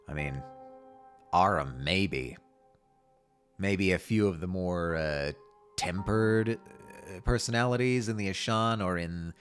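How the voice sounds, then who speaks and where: A man streaming, reading a game's story aloud with measured, wry asides. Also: low voice. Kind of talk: reading a game aloud with commentary.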